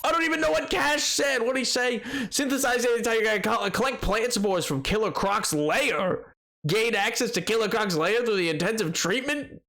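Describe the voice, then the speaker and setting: A young man with a cold, streaming a game live and talking with his chat in an animated, exasperated, joking way. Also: high voice. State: has a cold. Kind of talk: live gameplay commentary.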